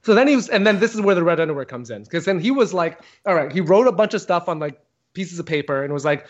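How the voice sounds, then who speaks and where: A man with a high voice tells a long story in casual podcast talk. He swears freely and jumps up in pitch to act out the people he quotes. The recording sounds dull and lo-fi. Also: fast. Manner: animated, profane, acts out quotes with big pitch jumps.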